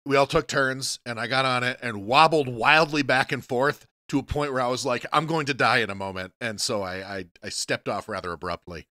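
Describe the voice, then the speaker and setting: Male podcast co-host, casual profane storyteller, bright dry delivery. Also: mid-range voice, no room sound. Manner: rambling, profane, halting restarts. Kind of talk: casual chat.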